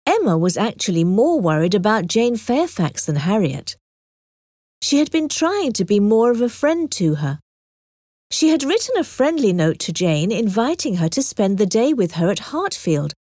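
Lady reading a classic novel aloud, clear and expressive, very dry mic. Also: fairly high pitch, no echo. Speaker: narrator. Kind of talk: audiobook narration.

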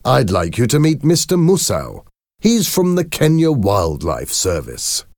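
A man voicing a cheerful, mischievous father in a storybook reading, with a raised, bright delivery. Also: mid-range voice, wildly swooping pitch, unhurried, no room sound, clean studio sound, voice pushed up. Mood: teasing. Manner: bright, teasing, laughing.

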